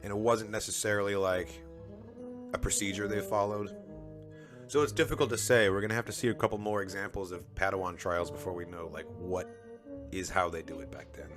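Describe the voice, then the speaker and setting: A man's voice: deep voice, steady tone, fairly quick, over music. A man chatting casually on a live stream as he reads comics aloud, dropping "like" often.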